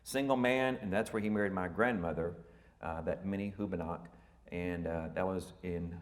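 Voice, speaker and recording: A man in his fifties gives a family history lecture in a folksy, meandering way, pausing on fillers and correcting himself as he goes. His voice sits fairly low. The sound carries a long reverb from a large hall. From Texas. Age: 50s. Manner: folksy and rambling, with many fillers and self-corrections.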